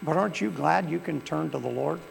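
A man's voice: a little high, a little fast, creaky. A male pastor, preaching a sermon in a church with folksy storytelling that swells into fervent preaching. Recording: long hall reverb with faint mains hum.

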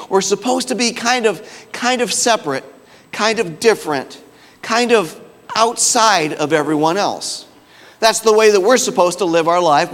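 A man preaching a sermon in a conversational, storytelling way, dropping his voice low for emphasis. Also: long reverb tail.

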